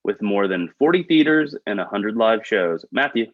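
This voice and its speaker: Male trivia host, lively delivery, jokey asides, lo-fi video call sound. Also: lowish voice, dry recording. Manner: upbeat, quick asides, chuckles at own jokes. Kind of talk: reading trivia questions, joking asides. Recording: dull, lo-fi video call audio.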